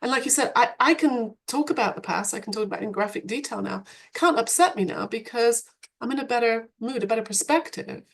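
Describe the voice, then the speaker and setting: A woman with a fairly high voice talks as a podcast guest. She moves between animated storytelling and calm reflection, conversational throughout. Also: brisk, creaky. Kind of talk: podcast interview.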